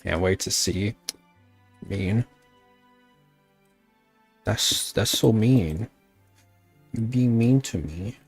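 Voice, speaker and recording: A man's voice: lowish voice, very slow, long pauses, husky, faint music behind. A man streaming a modded game, grumbling at it and talking back to his chat, swearing now and then. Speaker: VTuber streamer. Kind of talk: casual gaming livestream chat.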